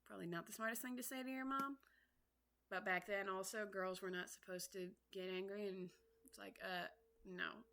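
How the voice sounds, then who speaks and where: A woman teacher reading a classic storybook aloud, pausing often to chat casually and explain words for learners. Her voice is very bright and crisp at a middle pitch. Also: steady tone, slight background noise. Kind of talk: storybook read-aloud with chatty commentary.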